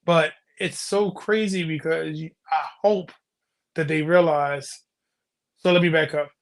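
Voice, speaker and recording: A man's voice: fairly high pitch, steady tone, unhurried. A man co-hosting a casual podcast chat, explaining his views earnestly and often breaking off mid-sentence. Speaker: podcast co-host.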